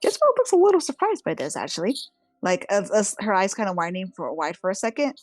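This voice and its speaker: A woman's voice: medium pitch, huge pitch swings, fast talker, dry recording, soft background music. Woman narrating her tabletop character. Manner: descriptive, with frequent "kinda" and "she goes". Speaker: player.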